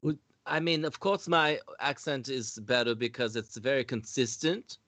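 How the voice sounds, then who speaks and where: A man's voice: mid-range voice, moderate pace, fairly bright tone, dry recording, lightly acted. A man putting on a German accent to play a self-assured character who lectures others about keeping an accent consistent. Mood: smug. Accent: put-on German. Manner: smug, lecturing.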